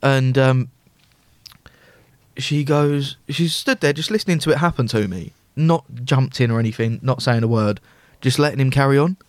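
A man's voice: medium pitch, moderate pace, dry recording. A young man, a podcast co-host, telling stories in casual chat and acting out both sides of an argument. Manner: animated storytelling, acting out both sides of a row.

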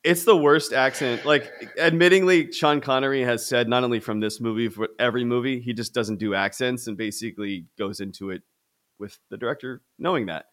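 A man's voice: medium pitch, steady tone, brisk, fairly bright tone. A man co-hosting a podcast, chatting casually about films, rambling with many restarts and bursts of enthusiasm. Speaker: podcast co-host. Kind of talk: casual film discussion.

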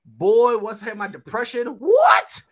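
A young man co-hosting a podcast in casual chat, an animated storyteller who acts out the dialogue. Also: high-pitched, a little fast. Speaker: podcast co-host.

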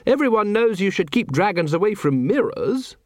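A man voicing a brisk, cheerful aristocratic lady. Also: sits high, very animated, no room sound, clean studio sound, voice pushed up. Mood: breezy.

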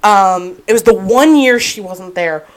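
A woman's voice: mid-range voice, measured pace, poor audio. A woman co-hosting a podcast, telling a story in casual chat, full of "like" and "um" and laughing as she goes. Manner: animated storyteller, frequent "like" and "um"; laughs through her anecdotes. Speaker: podcast co-host.

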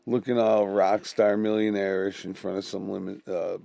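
Gravelly rambling man, dry close mic. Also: fairly low pitch, little pitch movement, normal speed, mellow, dry recording. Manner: profane, rambling, laughs often. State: high. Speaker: podcast co-host. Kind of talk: casual stoned banter.

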